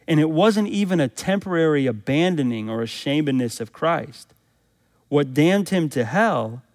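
Male preacher, a touch high-pitched, sermon delivery with swells for scripture readings, recorded with long reverb.

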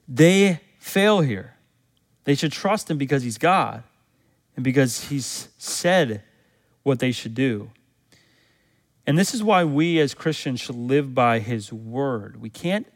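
A man preaching a sermon as a pastor, in an earnest manner that climbs higher and louder when he quotes scripture. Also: long reverb tail.

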